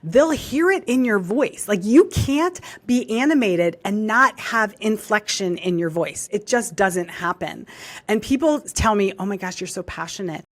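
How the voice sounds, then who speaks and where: Animated woman speaking as an interview guest. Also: mid-range voice, unhurried. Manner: animated, expressive, acts out quoted reactions. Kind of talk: interview conversation.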